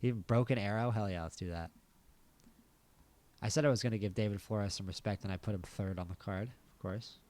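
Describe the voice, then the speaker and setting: American man, low voice, casual gameplay commentary, thinking aloud, wry asides. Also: fairly even intonation, fairly quick, a little mellow. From United States. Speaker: gaming channel host.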